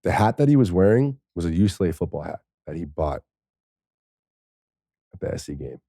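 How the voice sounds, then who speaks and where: Man, very low voice, mellow tone, dry close sound, candid profane storytelling, tearful. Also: sing-song, moderate pace, creaky, dry recording. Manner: candid and profane, with laughs and soft, choked passages. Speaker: podcast guest, former pro football player. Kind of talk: emotional personal storytelling.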